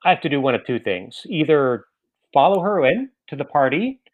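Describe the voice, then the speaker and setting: A man telling a comic story to an audience, with dry, deadpan delivery and frequent restarts. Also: a little high, moderate pace, phone-quality sound.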